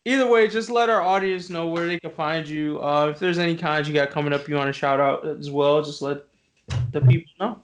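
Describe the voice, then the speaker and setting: A man's voice: on the high side, fairly quick. A man hosting a podcast interview, laid-back and joking, using casual slang. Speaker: podcast host.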